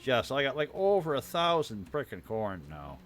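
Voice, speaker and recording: A man's voice: medium pitch, huge pitch swings, moderate pace, a little hiss or hum. Chatty man with a dry throat. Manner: rambling, chatty, greets viewers while showing his build. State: dry, irritated throat with coughing. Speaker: game streamer. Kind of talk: casual live-stream commentary.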